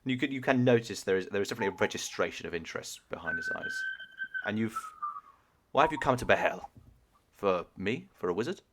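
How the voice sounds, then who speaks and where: Curt, impatient wizard with clipped questions, voiced by a low-voiced man, heard over a video call. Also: huge pitch swings, fast. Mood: probing.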